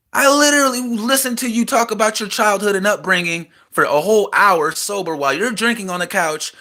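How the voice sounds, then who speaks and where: A man's voice: sits high, fairly quick, hardly any pauses, bright, forceful tone. Agitated young man venting raw feelings. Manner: raw, agitated, swings from heated to subdued. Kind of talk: emotional personal rant to camera. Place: small house, indoors.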